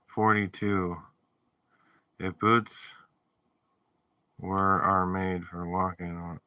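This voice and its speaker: A man's voice: low-pitched, level tone, drawn-out words, sharp tone, no echo. A man chatting casually on a live stream, joking around and reading viewer messages aloud. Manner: playful, jokey, reads viewer messages aloud. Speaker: livestreamer reading chat.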